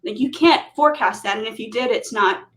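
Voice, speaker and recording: A middle-aged woman talks through a casual business interview as host, an animated storyteller who slips into the voices of people she quotes. Her voice sits somewhat high. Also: fairly quick, low-quality recording.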